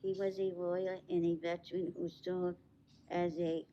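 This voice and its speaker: A woman remembering her late father in a slow, halting way, on a dull lo-fi recording. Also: lowish voice, level tone, slight background noise. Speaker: daughter giving a remembrance. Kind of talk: read memorial tribute. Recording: dull lo-fi recording with faint ambience.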